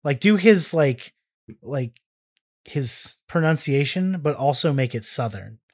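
A man co-hosting a casual podcast, excitable and self-mocking, often tripping over his words. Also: a little high, takes it slowly. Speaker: podcast co-host.

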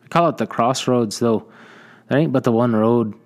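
A man's voice: mid-range voice, moderate pace, natural voice. A man voicing a jovial, mustached frontier trader with a hearty, folksy way of talking. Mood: friendly. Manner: hearty, folksy drawl, chuckling. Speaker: trading post owner.

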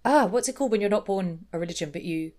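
A woman co-hosting a podcast, talking casually with lots of fillers and quick impressions. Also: mid-range voice, lively intonation, darkish tone. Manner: chatty, many fillers, does quick impressions. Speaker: podcast co-host. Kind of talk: casual chat.

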